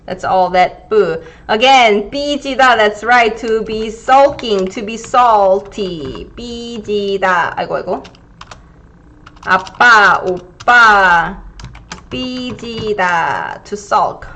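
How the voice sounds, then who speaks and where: A woman in her thirties with a Gyeongsang Korean accent, teaching a live online language lesson and drilling pronunciation slowly and carefully. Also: mid-range voice, fairly bright tone. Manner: slow, careful pronunciation drills, reading viewer comments.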